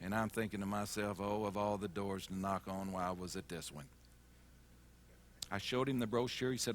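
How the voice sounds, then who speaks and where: A man giving a storytelling sales presentation, acting out dialogue and dropping soft and quiet for emotional moments. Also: lowish voice, normal speed, long reverb tail, slight background noise. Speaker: sales trainer.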